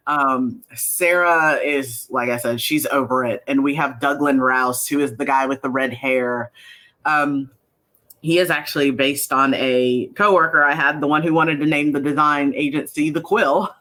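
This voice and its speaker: Chatty woman talking about her cartoon's cast, lots of ums, bright forceful voice, acts out what people said. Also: a bass voice. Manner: chatty, many fillers, acts out quotes in lively voices. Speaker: creator of an animated series, interview guest. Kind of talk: casual interview chat.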